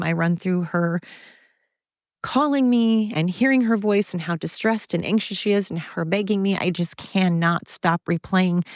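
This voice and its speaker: A middle-aged woman hosts a confessional solo podcast from home, talking through her struggles in a rambling, apologetic, openly emotional way. Her voice is lowish, and the recording is lo-fi with no room sound.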